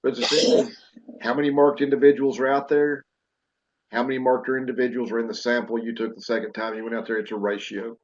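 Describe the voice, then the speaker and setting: A man with a Southern US accent, a wildlife professor explaining field methods in a casual, unhurried way with many fillers. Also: mid-range voice, flat delivery, dull audio. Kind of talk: casual educational discussion.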